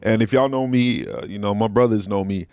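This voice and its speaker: A man's voice: fairly low pitch, a little fast, a little mellow, clear, resonant tone, no room sound. A man, talking in a slangy, preachy way and acting out quotes. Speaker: podcast host. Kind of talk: casual talk show discussion.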